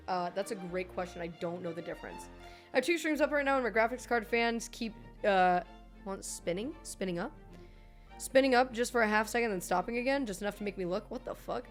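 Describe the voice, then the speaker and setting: Excitable, foul-mouthed young woman streamer. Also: a little high. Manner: excitable, swears freely, jokey. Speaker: livestreamer. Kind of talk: casual live-stream chat.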